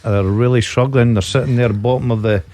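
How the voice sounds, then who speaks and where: A man's voice: mid-range voice, fairly even intonation, a little fast, warm tone. Scottish male pundit, middle voice, easygoing studio chat. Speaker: radio football pundit. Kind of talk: casual radio sports chat. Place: radio studio.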